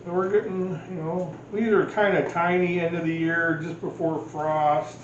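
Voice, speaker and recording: A man chatting his way through a recipe in a home kitchen, rambling and poking fun at himself. His voice sits a little high for a man. The room is echoey and the sound a bit dull and lo-fi. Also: level tone, moderate pace, slight background noise. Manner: rambling, jokey, self-deprecating. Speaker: cooking vlog host. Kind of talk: casual cooking chat.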